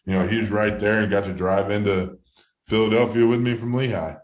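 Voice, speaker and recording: Low-voiced male guest, thirties, rambling storyteller, roomy sound. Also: fairly quick. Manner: rambling, many restarts, low-key then excited. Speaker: former baseball player, guest. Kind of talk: casual storytelling interview.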